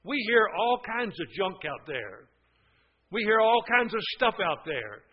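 High-pitched guy preaching, earnest, gets loud and emphatic, muffled radio sound. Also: very animated, unhurried. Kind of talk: sermon.

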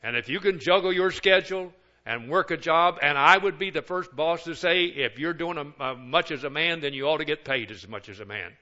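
A man's voice: fairly high pitch, brisk, pushed and bright, lo-fi sound. An older man, a pastor of many years, preaching a sermon with folksy, joking asides.

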